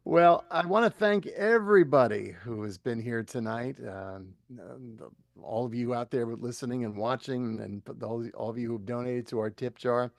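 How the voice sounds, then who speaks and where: Gravelly man hosting, halting. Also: mid-range voice, dry recording. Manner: halting, with many fillers and restarts. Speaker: festival concert host. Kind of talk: live concert hosting and announcements.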